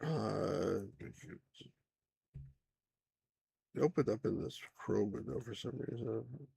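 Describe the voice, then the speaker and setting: Gravelly laid-back male gamer host. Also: fairly low pitch, takes it slowly, mellow. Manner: laid-back, mumbles asides to himself. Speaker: let's play host. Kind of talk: casual gameplay chat.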